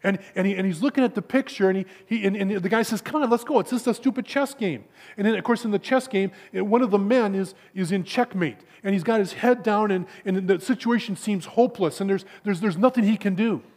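A man with a notably high voice preaches to a room of men. He tells his stories in a rush of stammered repeats, then sinks to a hushed, low delivery on the key words. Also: a little fast, few pauses. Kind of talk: sermon to a men's gathering.

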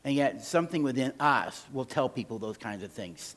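A man's voice: mid-range voice, animated, normal speed. A man giving a sermon on healthy relationships as a guest speaker in a church, emphatic and often asking the audience to fill in the answer.

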